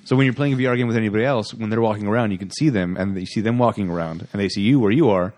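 A man co-hosting a casual podcast about a movie, enthusiastic and quick to laugh, often restarting his sentences. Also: on the low side, a little mellow. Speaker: podcast co-host.

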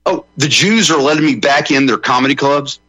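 A man's voice: medium pitch, a little fast, fairly bright tone, husky, no echo, low-quality recording. A man who is a comedian guest on a radio talk show, joking in a rambling way with many fillers.

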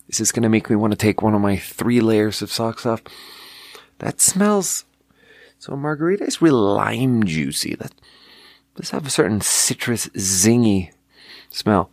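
A man's voice: lowish voice, lively intonation, unhurried, no room sound. A man hosting a casual late-night solo podcast, talking in a wry, self-mocking way and swearing freely.

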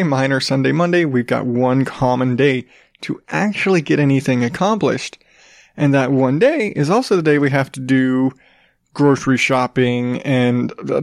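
A man's voice: medium pitch, dry recording, studio quality. A man hosting his own podcast, talking in a rambling, joking way with frequent restarts and casual swearing. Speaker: podcast host. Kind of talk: casual solo podcast talk.

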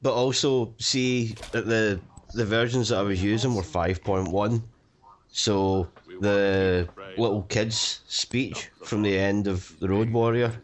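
A man's voice: lowish voice, fairly even intonation, slow. A man rambling casually in a film commentary chat and swearing along the way. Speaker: commentary co-host.

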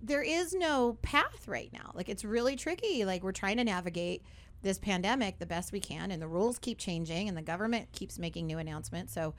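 A young woman hosting a radio talk show in a studio, upbeat and chatty, full of fillers and tag questions. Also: mid-range voice.

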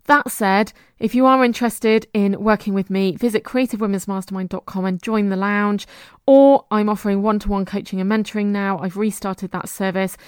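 A woman's voice: mid-range voice, darkish tone, clean tone, no room sound, clean studio sound. A woman hosting a motivational business podcast, encouraging her listeners in short, punchy, repeated phrases and laughing lightly between points. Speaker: podcast host and business coach.

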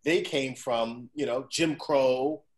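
A man's voice: medium pitch, slow pace. A man in his forties hosting a casual chat, telling stories with frequent profanity and asking "right?" to keep his listener with him. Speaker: podcast host.

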